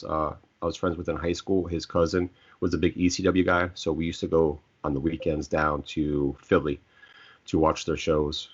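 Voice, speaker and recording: Very deep-voiced middle-aged man, rambling. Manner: stumbles over words, rambling. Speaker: host. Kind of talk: casual podcast chat. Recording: dull lo-fi sound.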